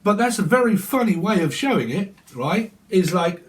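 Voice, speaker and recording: A man's voice: high voice, expressive, moderate pace, few pauses. A man giving a casual tarot reading at home, blunt, rambling and profane. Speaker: tarot reader. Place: at home, windy day.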